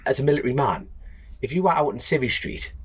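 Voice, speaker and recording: A man hosts a podcast in casual banter, joking with and teasing his guest. He talks quickly, and his voice rises and falls a lot. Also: mid-range voice, animated, husky. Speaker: podcast co-host. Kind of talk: casual chat.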